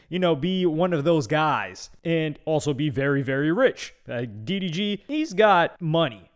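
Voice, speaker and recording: A man giving casual reaction commentary on a clip, acting out quoted lines as he talks. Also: on the high side.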